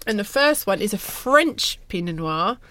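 A woman explaining wines in a relaxed, knowledgeable chat. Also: medium pitch, slight background noise. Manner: explains wine knowledgeably, quick and chatty. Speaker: wine expert guest. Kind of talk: casual chat.

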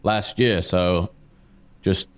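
A man's voice: sits low, fairly even intonation, extremely slow. A man co-hosting a podcast, chatting casually and rambling with plenty of fillers. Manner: laid-back, rambling with fillers. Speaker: podcast co-host. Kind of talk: casual chat.

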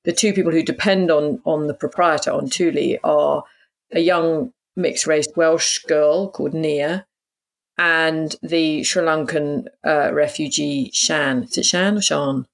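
A man's voice: on the high side, fairly even intonation, unhurried, vocal fry. A man interviewing an author about a novel, searching for words with frequent restarts. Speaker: podcast interviewer. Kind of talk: literary interview.

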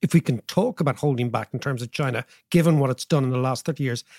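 A man's voice: mid-range voice, fast, a little mellow, dry recording, clean studio sound. A man hosting a podcast interview, asking long rambling questions full of asides and anecdotes. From Ireland. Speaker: podcast host.

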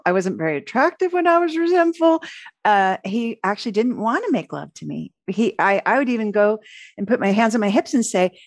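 A middle-aged woman, a relationship author, giving an interview and telling lively stories in which she acts out her own lines. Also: mid-range voice, no echo, studio quality. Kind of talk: conversational interview storytelling.

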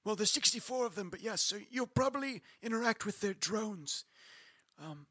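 A man runs a tabletop game as game master, speaking in character with a playful, giggly manner and tripping over his own words. His voice sits high and bright with a husky edge. It is recorded close and dry. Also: expressive, normal speed, dry recording.

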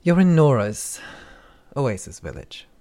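A man voicing a prickly, gruff desert ferry handler who talks in curt mutters, in an audiobook. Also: mid-range voice, sing-song, unhurried, mellow, voice pushed up.

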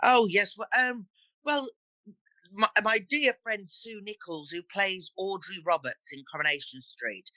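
A guest with a Black Country accent chatting warmly in a casual interview, often slipping into broad local voices. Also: male voice, high voice, a little slow, no echo, rough recording. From Black Country, England. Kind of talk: casual chat.

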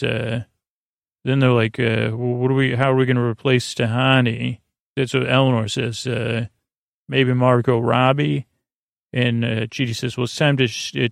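A man hosting a sleep podcast, recapping a TV episode in a rambling, hesitant way with many filler pauses. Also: medium pitch, vocal fry, no room sound, studio quality. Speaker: podcast host.

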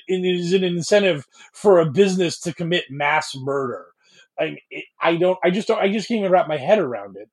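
Exasperated podcast co-host with a slightly high voice who rants at length. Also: male voice. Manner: exasperated ranting. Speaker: podcast co-host, hospital worker. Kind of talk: casual chat.

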